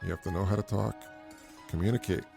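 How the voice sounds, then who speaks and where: A man's voice: sits low, fairly even intonation, fast talker, gravelly, warm tone, soft background music. A middle-aged man hosting a podcast, giving casual parenting advice in an earnest, repetitive way and chuckling at his own points. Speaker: podcast host.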